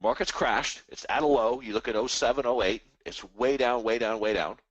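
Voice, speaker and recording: A man's voice: medium pitch, normal speed, no echo, lo-fi sound. A man hosting a live trading stream, rambling casually and animatedly about markets and the economy, now and then mimicking other people's voices. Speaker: trading webinar host.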